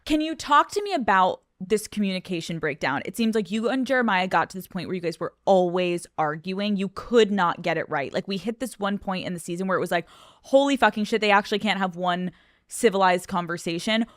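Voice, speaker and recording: A woman's voice: medium pitch, animated, a little fast, hardly any pauses, no room sound, clean studio sound. A woman hosting a podcast, asking direct questions in a casual tone and swearing freely. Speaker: podcast host. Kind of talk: interview questions.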